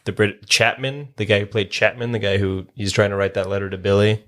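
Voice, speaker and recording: A young man with a fairly low voice chats casually about a movie with friends on a podcast. His humor is dry and teasing, delivered offhand between quick back-and-forths. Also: level tone, fairly bright tone. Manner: dry, joking. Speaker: podcast co-host. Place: room with cameras.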